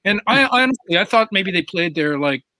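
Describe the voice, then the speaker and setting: A man's voice: sits high, fairly quick, no echo. A man, a guest drummer, chatting casually and telling stories with eager questions. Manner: animated storytelling, eager questions. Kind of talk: casual chat.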